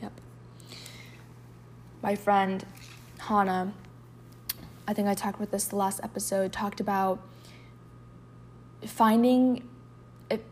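Confessional woman, soft-spoken poetry reader. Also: mid-range voice, little pitch movement, takes it slowly, long pauses, a little hiss or hum. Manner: emotional, confessional, with frequent filler "like"; reads poems aloud softly, sometimes in a whisper. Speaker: podcast host. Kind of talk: candid personal storytelling and poetry reading.

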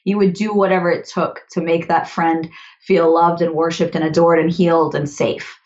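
A woman's voice: on the low side, normal speed. Young woman guest chatting, laughs a lot, bit dull lo-fi sound. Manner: animated, laughs often, acts out her own inner voice. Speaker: podcast guest, author and grief coach. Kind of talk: casual conversational interview.

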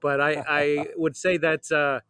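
Brief: male podcast host, friendly, reflective interviewer, a touch high-pitched. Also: flat delivery, measured pace, sharp tone, smooth, no room sound. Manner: friendly, thoughtful, with fillers. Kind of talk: casual interview chat.

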